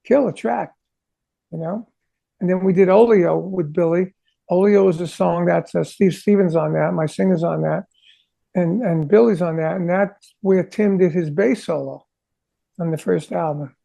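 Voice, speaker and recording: A man, a rock drummer, chatting as an interview guest, telling animated stories and acting out conversations he had. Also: high-pitched, normal speed, creaky. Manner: animated, sings drum parts vocally; acts out quoted conversations. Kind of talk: casual storytelling interview.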